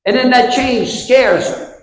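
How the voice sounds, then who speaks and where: A man with a Louisiana accent speaks to a luncheon crowd in a drawling, storytelling way, pitched quite high. He keeps asking the room rhetorical questions. His voice rings around a large hall with a long, echoing tail. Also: measured pace. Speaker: governor giving a luncheon speech. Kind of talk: folksy public speech with anecdotes. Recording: echoey hall with long reverb.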